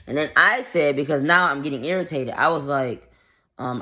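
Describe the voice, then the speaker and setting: A woman's voice: rumbling low, normal speed. A woman vlogger casually telling a story in a blunt, profane, irritated way, acting out the quoted dialogue. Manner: animated, acts out the quoted dialogue.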